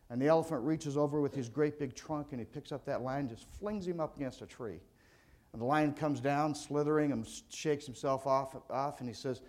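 A slightly mellow, higher-pitched male voice, speaking a little fast. He is an older insurance agent from California delivering a motivational speech to a sales audience, telling stories in a folksy, conversational way.

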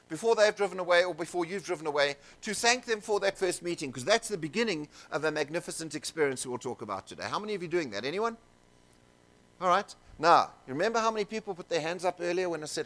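A man telling stories to a seminar audience, animated and jokey, with asides to the crowd in a conference room. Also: on the high side, quick pace. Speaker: seminar speaker. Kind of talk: keynote storytelling to an audience.

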